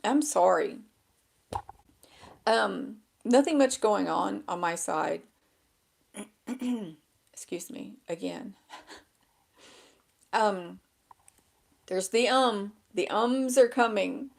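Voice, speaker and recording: A woman's voice: medium pitch, drawn-out words, vocal fry, long pauses. A woman vlogging at home in a casual, rambling way, losing her train of thought and laughing at herself, her voice a bit crackly. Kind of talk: casual chat to camera. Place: indoors at a table with a laptop. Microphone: small handheld microphone.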